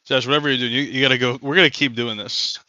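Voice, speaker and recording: A man's voice: mid-range voice, steady tone, quick pace, sharp tone, no room sound, dull audio. A man in casual banter during a tabletop game, jokey and laughing often, with stumbling restarts.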